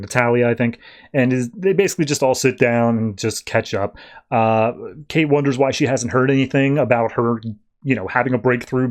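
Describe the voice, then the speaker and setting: A man hosting a podcast, recapping comics in a relaxed, rambling way with many fillers. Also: mid-range voice. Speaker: podcast host. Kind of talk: casual comic book recap.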